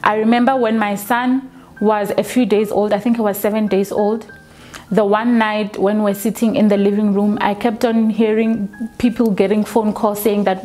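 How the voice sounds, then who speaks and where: A woman, telling her own story for a documentary, slow and halting with frequent restarts. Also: medium pitch, level tone, darkish tone, soft background music. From South Africa. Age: 20s. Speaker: documentary interviewee. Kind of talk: personal testimony.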